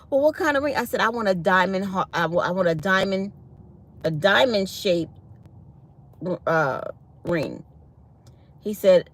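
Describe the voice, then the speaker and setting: A woman vlogger telling a personal story in a casual, animated way, laughing often and quoting others. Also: medium pitch.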